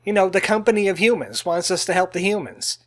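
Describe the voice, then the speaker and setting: A man's voice: sits high, expressive, quick pace, fairly bright tone. A man casually commenting on a game he is playing as the channel's let's play host, chatty and joking, slipping into a cowboy voice now and then. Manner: chatty, jokey, puts on a cowboy voice. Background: faint game music.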